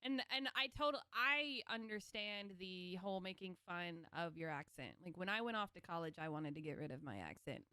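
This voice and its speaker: Southern-raised woman, faint accent, smooth voice, dry close mic, talkative. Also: fairly low pitch, expressive, normal speed, hardly any pauses, bright, forceful tone, no echo. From American South. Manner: talkative, explains with asides and little laughs. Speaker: podcast guest, vet tech. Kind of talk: casual podcast chat.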